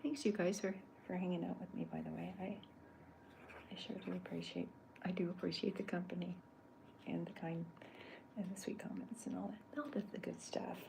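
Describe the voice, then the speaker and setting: A woman on a drawing live stream, talking softly in a half-whisper and rambling as she thinks aloud. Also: fairly low pitch, steady tone, a little fast, creaky. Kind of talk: soft-spoken ASMR drawing stream. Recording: noisy home stream audio.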